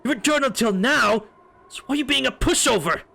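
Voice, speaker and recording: A man streamer reading aloud as a hot-headed, stubborn young man, delivering blunt lines in loud, rising outbursts. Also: on the high side, unhurried, heavily acted. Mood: scolding. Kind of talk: reading a game's story mode aloud.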